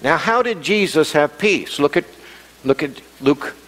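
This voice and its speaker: A man preaching a sermon as pastor, animated and acting out the quoted voices. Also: on the high side, a little slow. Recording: long hall reverb.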